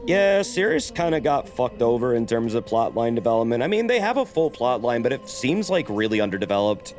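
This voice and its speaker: A man's voice: medium pitch, big pitch swings, brisk, a little mellow, soft background music. A man streaming a game, chatting casually and cursing while he explains the lore. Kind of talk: casual gameplay commentary.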